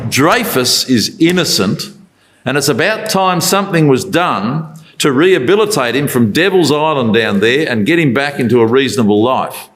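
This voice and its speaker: A man's voice: on the high side, a bit bright. A man giving a Bible talk in a conversational way, asking rhetorical questions as he tells the story. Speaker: Bible speaker.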